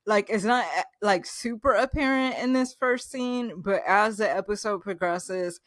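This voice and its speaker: A woman's voice: mid-range voice, unhurried, no echo, studio quality. A woman vlogger recapping a show in a gushing, enthusiastic, chatty way, full of fillers. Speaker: reaction vlogger. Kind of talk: casual reaction recap.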